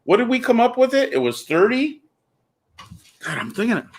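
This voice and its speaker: A man's voice: very high voice, very animated, normal speed. A man hosting a casual talk show, speaking bluntly and ranting, often calling the listener "dude.". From California. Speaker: podcast host.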